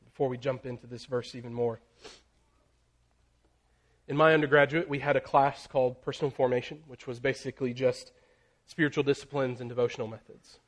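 A man preaching a sermon, building in intensity through emphatic lists and dropping to a near hush on key phrases. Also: medium pitch, steady tone. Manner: slows and drops very soft on key phrases.

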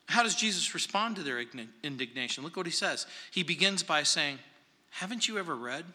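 A man preaching a verse-by-verse sermon in a church sanctuary, dramatic, swinging between loud emphasis and hushed asides. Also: fairly high pitch. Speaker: pastor. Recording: long hall reverb.

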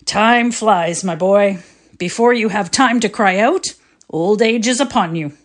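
A woman's voice: medium pitch, a little slow, lightly acted. A woman voicing a cordial, fussy middle-aged father with a pleasant sing-song voice in a readers' theatre story reading. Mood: pleasant, musing. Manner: warm, fussing hospitable welcome.

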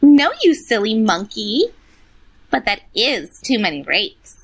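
A man voicing a bossy female robot in a shrill falsetto. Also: very animated, slow pace, very noisy, full character voice. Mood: scolding.

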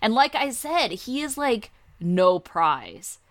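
A woman's voice: a little high, big pitch swings, takes it slowly, fairly bright tone. A woman co-hosting a podcast, chatting casually and animatedly about a reality show, with lots of fillers. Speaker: podcast co-host.

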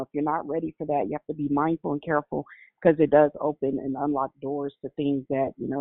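A man's voice: fairly high pitch, dry recording. A man calling into a prayer line, exhorting the listeners in a preacherly way. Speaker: caller. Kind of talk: prayer-call testimony. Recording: tinny, dry phone line.

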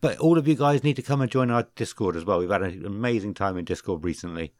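Deep-voiced joking man on a podcast. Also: a little mellow, dry recording, studio quality. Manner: joking, self-correcting, drawn-out readings of names. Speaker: podcast co-host. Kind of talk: casual podcast chat.

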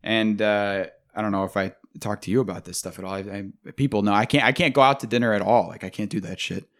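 A young man with a fairly low voice co-hosts a casual podcast. He rambles, jokes and swears often as he talks. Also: steady tone. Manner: profane, rambling, quick to joke. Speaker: podcast co-host.

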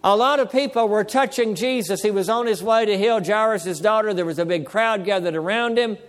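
A man preaching a sermon as pastor, calling for amens and slowing down to stress key words. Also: high-pitched, long reverb tail.

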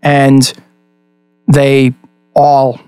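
A young man running a tabletop game as game master, casual and animated, with many fillers. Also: mid-range voice, extremely slow, smooth, no echo, studio quality, faint music behind.

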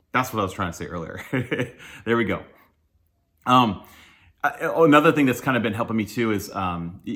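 A man's voice: lowish voice, a bit bright. Candid, laughing man giving a sermon. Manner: candid, self-deprecating, laughs often, many um fillers. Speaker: pastor. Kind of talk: casual sermon talk.

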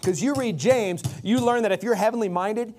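Middle-aged male pastor, light high voice, chatty sermon delivery that acts out quotes. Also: normal speed, darkish tone. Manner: conversational preaching, acts out quotes.

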